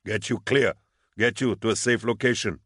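A man's voice: lowish voice, steady tone, moderate pace, a bit bright, husky, dry recording, clean studio sound, pitched above the performer's own voice. A man voicing a flustered male prison guard who talks with agitated, snapping urgency.

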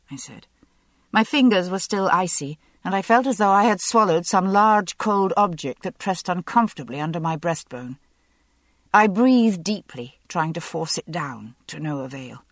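A woman narrating a first-person novel in an expressive, wry way. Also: on the low side, moderate pace, no echo. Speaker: audiobook narrator.

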